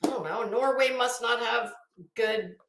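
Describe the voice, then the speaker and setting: A woman's voice: fairly high pitch, unhurried, roomy sound, noisy background. A woman hosting a live commentary stream, rambling bluntly and sarcastically while greeting her viewers.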